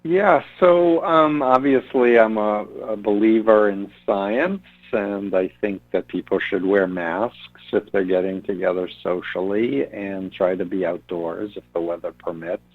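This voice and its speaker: Male author guest, lowish voice, dry tinny phone sound, faint music underneath. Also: a little slow, hardly any pauses, dry recording. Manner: earnest, explanatory, repeats words while searching. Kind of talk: radio interview answers.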